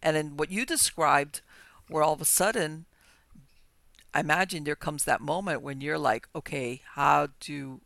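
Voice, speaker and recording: A woman hosting a podcast, chatty and lively, often restarting her sentences. Her voice is gravelly with a bright, forceful edge. The sound is close and dry. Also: low-pitched, moderate pace, pauses often, no room sound. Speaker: podcast host. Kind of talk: casual interview chat.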